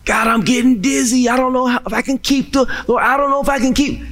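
A male pastor acting out a starving, desperate man who begs God for food in a halting voice. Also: very high-pitched, steady tone, a bit bright, faint music behind, voice pushed up. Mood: pleading. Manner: pleading, halting.

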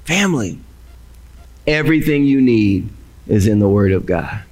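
A male pastor preaching a sermon with dramatic pauses. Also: lowish voice, expressive, darkish tone.

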